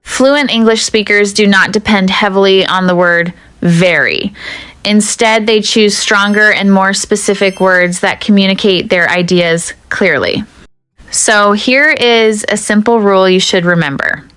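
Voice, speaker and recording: Smooth, dry-voiced woman teaching English. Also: medium pitch, fairly bright tone, no echo, faint music behind. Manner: measured, deliberate, addresses the viewer directly. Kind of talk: scripted teaching narration.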